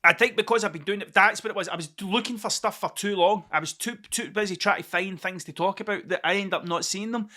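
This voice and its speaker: Sweary Scottish man, bright voice. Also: sits high, fast, hardly any pauses. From Scotland. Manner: rambling, sweary and digressive. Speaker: podcast host. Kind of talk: casual solo podcast monologue.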